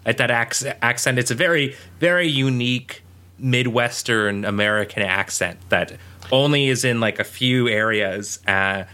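A man's voice: medium pitch, normal speed, sharp tone, smooth. A man co-hosting a podcast, recapping a show in casual chat and rambling with many fillers. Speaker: podcast co-host.

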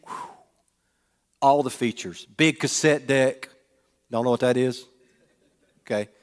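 A middle-aged man, preaching as he tells a humorous personal story and throws questions to the audience. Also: on the high side. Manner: folksy, asks the audience questions. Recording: long reverb of a large hall.

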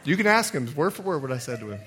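A middle-aged man, a pastor, preaching a sermon in an animated way, acting out quotes and laughing often. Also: on the high side, rapid-fire, a little hiss or hum.

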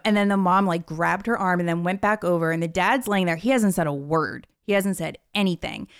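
Casual woman, 30s, animated storyteller. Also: lowish voice, a little fast, smooth, dry recording, studio quality. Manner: animated storytelling, acting out quotes. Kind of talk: casual chat.

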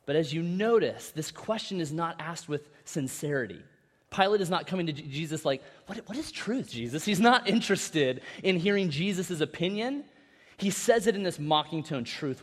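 A man preaching a sermon as pastor, in a conversational style with animated asides and repeated words. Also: fairly high pitch. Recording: long reverb of a large hall.

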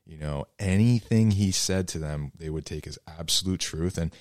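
A man's voice: low-pitched, moderate pace, no room sound, studio quality. A man who is a podcast guest, explaining things earnestly in casual conversation with many fillers. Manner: earnest storytelling, heavy use of fillers.

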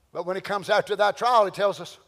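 A man preaching with a very high, bright, ringing voice. He drops to a hush, then climbs into loud emphatic shouts. His voice rings out with a long hall reverb behind it. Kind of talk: sermon.

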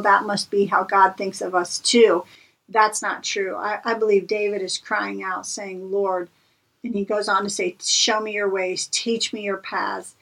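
A woman's voice: medium pitch, fairly bright tone, distant mic, low-quality recording. Earnest woman co-hosting a devotional podcast. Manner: earnest, preacherly, repeats phrases for emphasis. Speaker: podcast co-host. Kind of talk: encouraging devotional talk.

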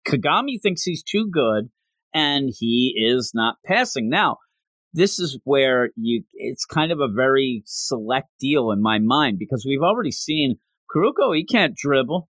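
A man in casual chat, animatedly recapping a story and acting out the characters' lines in quick voices. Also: mid-range voice, big pitch swings, fairly bright tone, dry recording.

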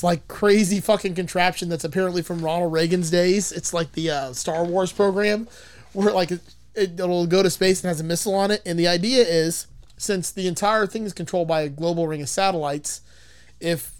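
A man casually recapping a film as a podcast host, rambling, swearing and laughing as he goes. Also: high voice. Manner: rambling, profane, laughs often. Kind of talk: casual chat.

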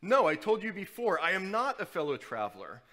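Guy doing a pompous bellowing know-it-all, pitched up, loud, big echoey hall. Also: big pitch swings, a little fast, full character voice. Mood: indignant. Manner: bellowing, grandiloquent. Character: pompous bellowing overeducated huge man, perpetually indignant.

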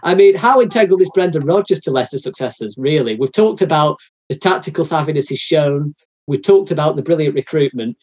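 A man's voice: a little high, lively intonation, a little fast, darkish tone, highs cut off. A man hosting a casual football podcast, often repeating words as he thinks aloud. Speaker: podcast host.

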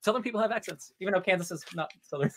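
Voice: medium pitch, very fast. A podcast co-host chatting in a playful, enthusiastic way and jumping in with jokes. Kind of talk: casual podcast chat.

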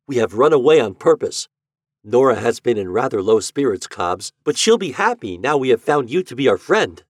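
A man's voice: medium pitch, big pitch swings, moderate pace, no room sound, studio quality. A man voicing an earnest little boy who has run away to be married, speaking in a raised, bossy tone. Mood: eager. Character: bold little boy eloping, earnest and commanding.

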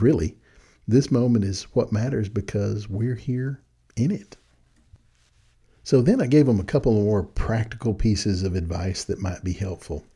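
An older man giving friendly, animated advice to young people in a folksy storytelling manner. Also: fairly low pitch, creaky, husky. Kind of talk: casual talk.

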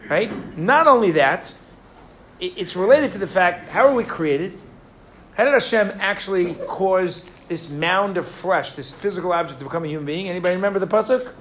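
A man's voice: high-pitched, expressive, normal speed, a bit bright. A man giving a sermon to a live audience, telling a story and asking his listeners questions, with many restarts.

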